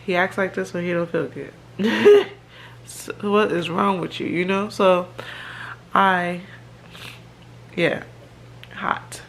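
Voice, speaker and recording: Woman, rambling home vlog, low gravelly voice, phone mic, faint house noise. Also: slow, pauses often. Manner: chatty and rambling, with fillers and laughs. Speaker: vlogger. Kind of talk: casual chat to camera. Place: her home, by the kitchen.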